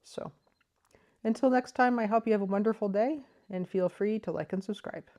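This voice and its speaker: A woman's voice: mid-range voice, normal speed. A woman hosting a crochet vlog, explaining things in a thoughtful, enthusiastic way, with frequent ums. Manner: thoughtful, enthusiastic, soft-spoken with frequent fillers. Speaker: crochet vlogger. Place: living room.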